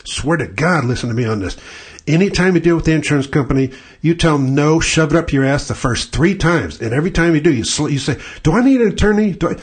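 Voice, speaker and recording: A male stand-up comedian, ranting bluntly and profanely in a husky voice. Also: medium pitch.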